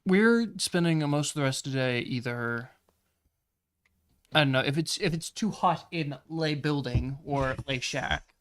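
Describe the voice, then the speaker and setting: A man's voice: a little high, animated, measured pace, fairly bright tone. A man playing in a tabletop game, wry and thoughtful. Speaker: player. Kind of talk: casual tabletop game chat.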